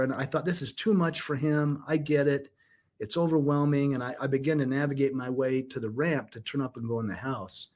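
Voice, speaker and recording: A man's voice: on the high side, darkish tone, husky. Earnest middle-aged man telling his story. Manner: earnest, reflective, with frequent restarts. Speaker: podcast guest. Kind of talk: emotional personal storytelling.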